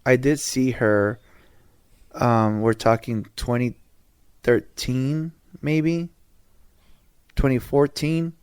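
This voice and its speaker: A man's voice: medium pitch, fairly even intonation, slow pace, long pauses, a little mellow, smooth, no room sound, studio quality. A man hosting a podcast, telling a rambling personal story in casual slang, with restarts and asides. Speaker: podcast host.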